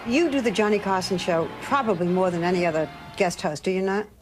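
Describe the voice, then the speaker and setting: A woman working as a broadcast interviewer and narrator, asking measured, probing questions. Soft music plays faintly under her narration. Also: mid-range voice.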